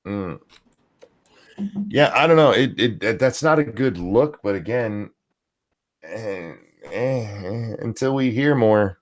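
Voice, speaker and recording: A man's voice: fairly low pitch, lively intonation, slow pace, pauses often. A man co-hosting a casual political talk stream, speaking hesitantly and searching for his words. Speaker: co-host of a news talk stream.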